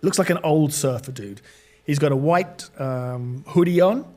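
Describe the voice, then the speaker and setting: A middle-aged British man, appearing as a podcast guest, tells a long story in an interview. His voice sits on the high side with a darkish tone and a measured pace, and he uses many fillers and restarts.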